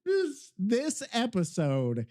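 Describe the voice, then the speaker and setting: A man's voice: sits high, huge pitch swings, slow, warm tone. A man hosting a podcast in casual chat, rambling, profane and easily worked up. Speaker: podcast host.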